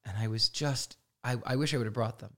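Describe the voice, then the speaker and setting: A psychic guest tells stories in a casual podcast interview, laughing a lot and animatedly acting out what people said. He speaks with a medium-pitched voice at a fairly quick pace.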